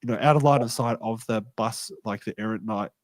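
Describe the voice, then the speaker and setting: A podcast co-host with a fairly low voice talks fairly quickly in casual chat, telling a tabletop game story. He's animated and acts out the quoted lines. The recording is dry.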